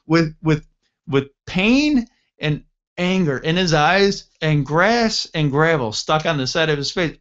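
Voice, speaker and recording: A man from upstate New York telling a long story on a talk show, rambling and correcting himself, and lively when he acts out the dialogue. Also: a little high, slow, highs cut off. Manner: rambling with frequent self-corrections; animated when acting out dialogue. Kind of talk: casual anecdote telling.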